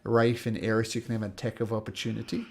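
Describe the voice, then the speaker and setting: A man narrating as game master of a tabletop game, calling rolls and describing the action with quick asides. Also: on the low side, little pitch movement, darkish tone. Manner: quick, laughing rules talk.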